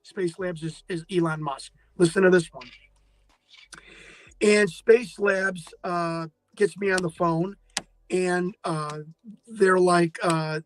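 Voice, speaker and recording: A man telling an excitable story as an interview guest, stumbling over restarts and acting out his phone calls. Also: high voice, takes it slowly, low-quality recording. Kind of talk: animated storytelling in a podcast interview.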